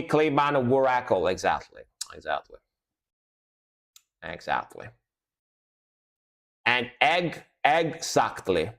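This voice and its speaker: Laid-back man chatting on a stream. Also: mid-range voice. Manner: laid-back, loose, repeats words and adds "you know". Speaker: music reaction streamer. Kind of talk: casual live-stream chat.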